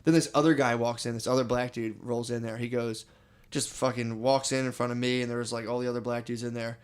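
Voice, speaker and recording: On a casual comedy podcast, a young male co-host tells rambling stories packed with swearing and constant use of "dude." He speaks at medium pitch and a quick pace, level in tone, with a clear, resonant sound.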